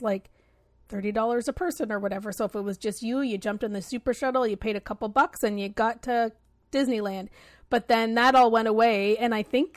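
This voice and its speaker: A woman's voice: fairly high pitch, no echo, clean studio sound. A woman co-hosting a podcast in casual chat, easygoing and rambling with many fillers. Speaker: podcast co-host.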